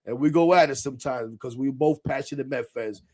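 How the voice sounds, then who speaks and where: A man hosting a live stream in excited casual chat, laughing often, swearing freely and shouting out friends. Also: medium pitch, a little fast.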